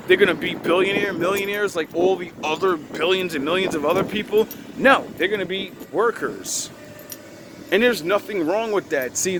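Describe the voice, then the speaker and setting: A young man, delivering a blunt, profane, preachy motivational rant outdoors by a street. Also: on the high side. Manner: blunt, heavy cursing, preachy. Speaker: video creator. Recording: noisy outdoor street recording.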